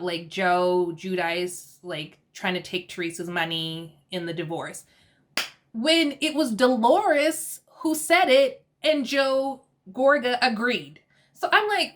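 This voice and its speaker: A woman's voice: mid-range voice, measured pace, a bit bright. A woman casually recapping a reality TV episode, chatty and laughing often as she acts out the quotes. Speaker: TV recap host.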